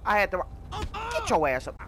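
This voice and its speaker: A man giving loud, animated, slang-filled commentary while playing a video game, swearing often. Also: high voice, normal speed, background noise. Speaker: gaming YouTuber. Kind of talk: casual gameplay commentary.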